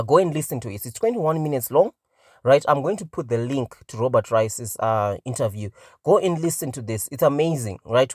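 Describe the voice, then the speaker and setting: A man's voice: medium pitch, a little mellow, dry recording, clean studio sound. A man commenting on crypto investing in a casual vlog, talking emphatically and ending many phrases with "right?". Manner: emphatic, peppers talk with "right?".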